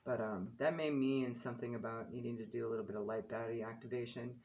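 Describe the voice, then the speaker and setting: A man giving a tarot-style card reading and reading guidance aloud, calm and encouraging, with casual asides and a light laugh at his own slips. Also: mid-range voice, quick pace, dull audio. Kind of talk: spiritual card reading, reading guidebook text aloud.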